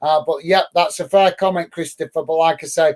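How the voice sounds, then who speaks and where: A man's voice: fairly high pitch, steady tone, brisk, darkish tone. A man hosting a live football watch-along, commentating on play and reading out viewer comments in a friendly way with many fillers.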